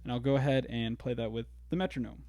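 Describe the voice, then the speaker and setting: A man teaching a drum lesson in a relaxed way, explaining grooves step by step. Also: medium pitch, fast talker, over loud music. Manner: counts beats aloud, easygoing explaining. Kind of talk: casual instructional talk. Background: drum kit and metronome.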